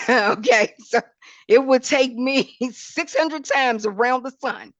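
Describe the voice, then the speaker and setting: A woman's voice: high-pitched, slow pace, no echo, muffled recording. A woman speaking as a podcast guest, emphatic and preacherly, repeating her points with rising and falling emphasis. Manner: emphatic, repeats words, preacherly rise and fall. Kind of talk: impassioned talk.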